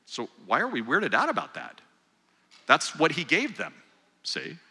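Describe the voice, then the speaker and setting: A man's voice: fairly high pitch, huge pitch swings, a little slow, pushed and bright, slightly rough. An older man giving a joking, conversational talk to a live audience of mothers, speaking to them directly. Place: large hall with live audience. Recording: long hall reverb.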